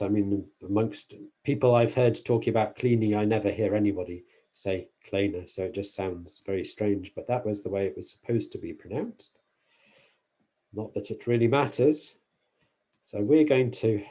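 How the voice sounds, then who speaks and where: Man, university lecturer, mathematics lecture, mellow warm voice, careful self-correcting delivery. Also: mid-range voice. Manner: careful, self-correcting explanations with frequent fillers.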